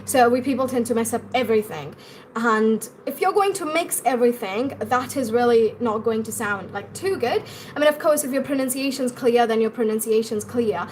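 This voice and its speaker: A woman's voice: on the high side, moderate pace, slight background noise. A young woman with an Indian English accent, teaching pronunciation on a live stream and answering viewers' comments as she goes.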